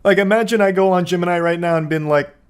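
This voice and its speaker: A man's voice: high voice, quick pace, clear, resonant tone. A young man giving casual commentary as a video host, sarcastic and profane with jokey asides.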